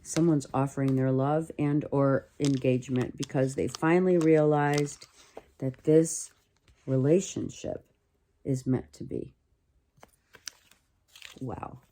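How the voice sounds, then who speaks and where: A woman reads tarot cards in a relaxed, thinking-aloud way, often repeating and restarting phrases. Her voice sits low with a warm, dark tone. She talks slowly and unhurriedly. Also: slight background noise. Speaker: tarot reader. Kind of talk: casual tarot reading.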